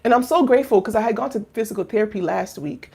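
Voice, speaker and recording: Talking fast in a medium-pitched voice that's gravelly and husky, a woman in her thirties speaks from the heart to camera. As a life coach and founder of a finishing school, she wanders from hushed reflection to loud exclaiming, peppering her talk with fillers and rhetorical questions.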